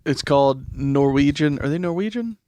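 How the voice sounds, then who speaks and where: A man's voice: a little high, animated, moderate pace, dark tone, dry recording. A man with a Southern American accent co-hosting a podcast, joking and teasing in casual banter. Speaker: podcast co-host. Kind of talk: casual chat.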